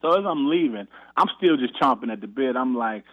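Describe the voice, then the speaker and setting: A former college basketball player telling a practice story on a radio interview, animated, acting out the quotes with a raised voice. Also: male voice, mid-range voice, brisk, no echo. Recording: tinny phone line, dry.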